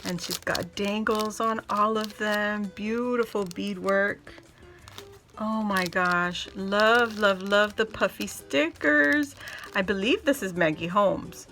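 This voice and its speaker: A woman's voice: mid-range voice, slow, soft background music. Gushing woman showing craft gifts. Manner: gushing, excitable, squeals and laughs often; addresses viewers as "guys". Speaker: crafting video host. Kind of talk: casual show-and-tell of a craft gift.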